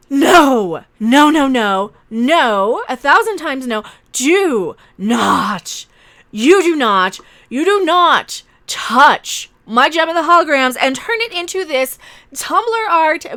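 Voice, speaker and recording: Forties female vlog host, high bright voice, emphatic ranting delivery, dry close sound. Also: no room sound. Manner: emphatic, repeats "no" forcefully. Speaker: commentary channel host.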